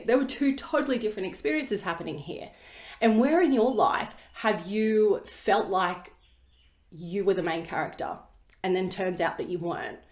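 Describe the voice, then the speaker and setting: A woman hosting a solo podcast, talking bluntly and emphatically and swearing casually. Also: medium pitch. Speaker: podcast host. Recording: roomy echo.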